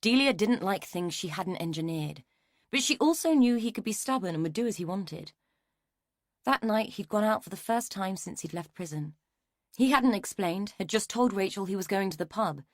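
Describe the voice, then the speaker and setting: A woman's voice: mid-range voice, no echo, studio quality. Woman narrating a suspense audiobook. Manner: measured, even storytelling. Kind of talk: scripted narration.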